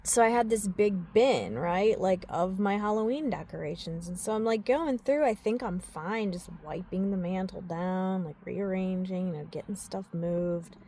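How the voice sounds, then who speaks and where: A woman's voice: mid-range voice, moderate pace, few pauses, warm tone, slight background noise. A young mother talking in an emotional personal vlog, unfiltered, swearing and filling her talk with "like". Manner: unfiltered, swearing, many filler likes.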